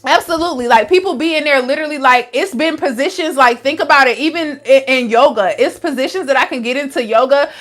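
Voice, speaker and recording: A young adult wellness coach answers viewers on a casual live stream, her high, slightly bright voice moving quickly with hardly any pauses. She's frank and chatty, using "like" and slang constantly.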